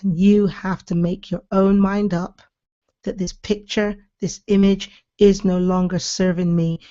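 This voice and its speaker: A woman's voice: medium pitch, level tone, a little slow, mellow. A woman hosting her own show as a speaking coach, giving a passionate, emphatic motivational talk. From Britain. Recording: slightly dull lo-fi audio.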